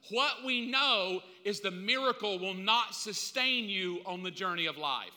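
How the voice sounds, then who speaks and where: A man preaching a sermon in an animated way, swinging between loud and hushed delivery. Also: sits high, moderate pace, hardly any pauses. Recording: long hall reverb.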